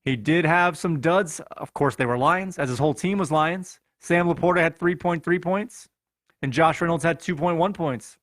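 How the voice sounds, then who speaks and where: A man's voice: a little high, moderate pace, a bit bright, no echo, studio quality. A man with a Chicago accent hosting a podcast, playfully reading through fantasy football scores in a running recap. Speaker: podcast host.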